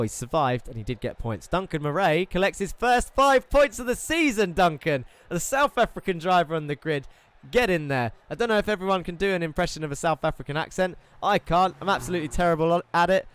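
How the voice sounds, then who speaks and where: A man's voice: a little high, smooth, dry recording. A man commentating on an esports racing event, running through results and standings in a chatty, upbeat way with self-deprecating asides.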